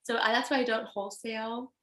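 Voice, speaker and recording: A woman with a Haitian accent, a fashion designer guest telling stories in an animated, chatty way. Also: a little high, fast. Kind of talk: casual chat. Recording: roomy echo.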